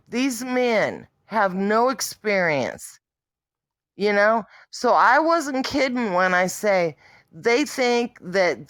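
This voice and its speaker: A woman's voice: mid-range voice, a bit bright, clear, resonant tone, no room sound. A woman vlogger in a candid monologue, talking bluntly and profanely with an exasperated edge.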